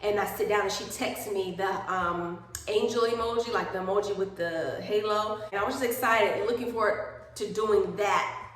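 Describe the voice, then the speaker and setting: Young woman, chatty vlogger, animated storyteller; recorded on a phone in a very echoey room. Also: medium pitch, normal speed. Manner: animated, acts out quoted people. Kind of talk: chatty storytime while doing skincare.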